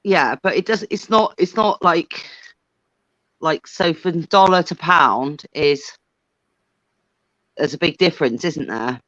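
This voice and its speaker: A woman's voice: low voice, slow pace, long pauses, fairly bright tone, no room sound, highs cut off. An English woman chatting casually, laughing often and swearing freely. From England. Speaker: chat guest. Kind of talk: casual chat.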